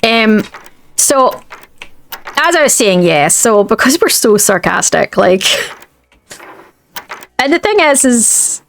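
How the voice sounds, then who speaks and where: A woman's voice: on the high side, very animated, slow pace, vocal fry, long pauses, slight background noise. Rambling Scottish woman gamer. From Scotland. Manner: rambling, chatty. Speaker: gaming video creator. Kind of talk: casual chat while playing a game.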